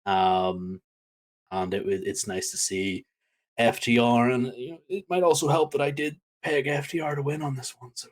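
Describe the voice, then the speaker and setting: A man co-hosting a wrestling podcast, talking casually in an animated, rambling way with many fillers. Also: mid-range voice, moderate pace. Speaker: podcast co-host.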